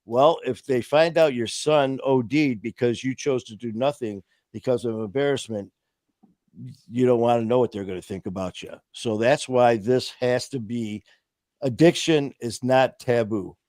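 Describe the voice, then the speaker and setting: A man's voice: medium pitch, moderate pace, darkish tone, no echo. A man hosting a casual talk show, telling stories in an impassioned, rambling way full of "you know" fillers. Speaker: host of a recovery talk stream.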